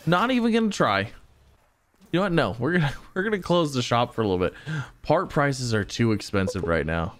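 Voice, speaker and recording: A man talks his way through a game, exclaiming and muttering to himself and his viewers. His voice rises and falls in lively swings. A faint hiss sits under the recording. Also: mid-range voice, fairly quick. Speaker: gaming channel host. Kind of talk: casual game commentary.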